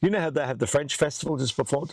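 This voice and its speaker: A man's voice: on the high side, rapid-fire, no echo. Laughing storyteller man, dry close sound. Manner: animated storyteller doing voices, laughs often. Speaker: host. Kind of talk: casual chat, storytelling. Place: outdoors under a tree.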